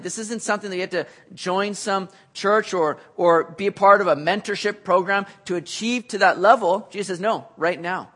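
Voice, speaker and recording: A man preaching a sermon, earnest, building to emphatic peaks and then dropping back low. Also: a bit bright.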